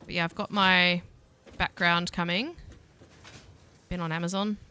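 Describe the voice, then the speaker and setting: A young Australian woman streaming a factory-building game, thinking aloud and chatting with viewers, quick to laugh at herself. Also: lowish voice, fairly even intonation, pushed and bright, clean tone. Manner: self-deprecating, laughs easily. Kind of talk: casual let's-play commentary. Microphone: desk mic, voice only without face cam.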